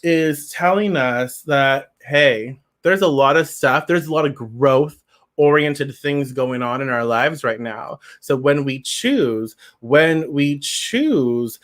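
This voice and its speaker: A man's voice: medium pitch, expressive, slow pace, a bit bright. A man giving a pick-a-card tarot reading, talking to viewers in a chatty, playful way.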